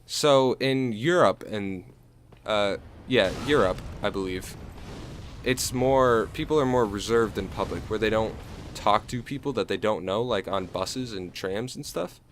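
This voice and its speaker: A man's voice: lowish voice, unhurried, a little hiss or hum. A young American man chatting loosely over gameplay, rambling with lots of fillers and restarts. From United States. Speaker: gaming YouTuber. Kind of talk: casual gameplay commentary.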